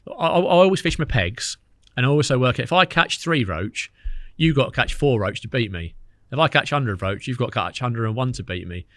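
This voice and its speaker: Fast-talking Englishman telling stories. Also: mid-range voice, no echo, clean studio sound. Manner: fast, animated storytelling with quoted dialogue. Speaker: podcast guest, angler. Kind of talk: casual chat.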